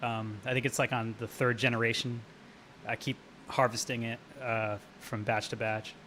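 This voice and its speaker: A man's voice: medium pitch, little pitch movement, moderate pace, fairly bright tone, a little hiss or hum. A man chatting casually on a live brewing stream, rambling and swearing freely as he tells stories and answers chat. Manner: rambling, profane, laughs while telling stories.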